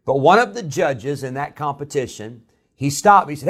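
Pastor preaching in a conversational tone. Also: male voice, fairly high pitch, lively intonation, moderate pace. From Illinois. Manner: conversational storytelling with frequent "uh" fillers. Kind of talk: sermon.

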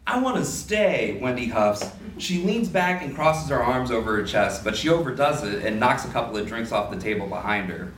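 A man reading a first-person prose story aloud at a live literary event, with a lively storytelling manner. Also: mid-range voice, brisk, few pauses, a little hiss or hum. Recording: roomy hall, distant mic, faint ambience.

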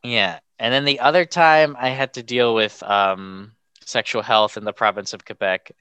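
A young podcast guest tells casual, rambling stories, packing in fillers and saying "like" constantly. His medium-pitched voice is bright, forceful, clear and resonant, with fairly even intonation at a moderate pace, and there is no room sound.

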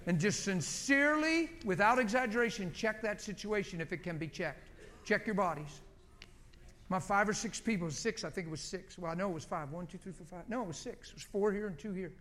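A middle-aged man preaching to a congregation in a high voice. He talks like a conversation but pushes hard, exhorting and repeating short commands as he leads group prayer. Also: a little fast, a bit bright. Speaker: pastor. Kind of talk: sermon leading group prayer.

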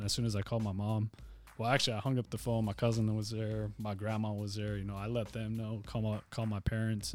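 A young man, a former pitcher, telling his story as a podcast guest in a laid-back, casual way, often saying "man" and "you know". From Nogales.

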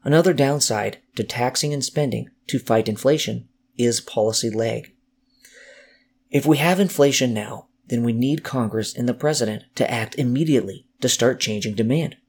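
A man calmly narrating a scripted economics explainer. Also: mid-range voice, slightly rough. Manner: measured, explanatory.

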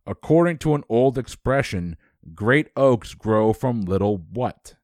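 A man hosting a trivia quiz, reading questions briskly and dropping dry quips. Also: mid-range voice, animated, a little mellow, no echo.

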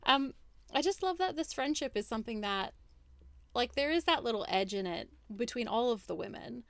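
A woman's voice: a little high, expressive, moderate pace, no room sound. Chatty woman, dry close mic. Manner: chatty, upbeat, lots of "like". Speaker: podcast co-host. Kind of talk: casual book club chat.

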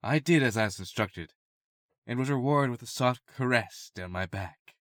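Guy reading smut out loud on a podcast, keeps giggling, dry close sound. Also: medium pitch, moderate pace, no echo. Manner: breaks into giggles while reading. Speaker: podcast co-host. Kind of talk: reading erotica aloud for laughs.

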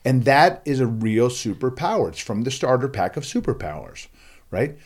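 A man telling a lively story as a guest in a conversation, acting out the voices of the people in it. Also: mid-range voice, moderate pace. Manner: acts out voices, lively and playful. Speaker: guest, school assembly speaker.

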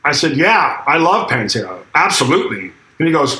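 A man's voice: on the high side, sing-song, normal speed, bright, forceful tone. A middle-aged man, a drummer, casually telling a story in an interview, acting out quotes and swearing freely. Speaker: guest drummer. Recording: echoey room with faint noise.

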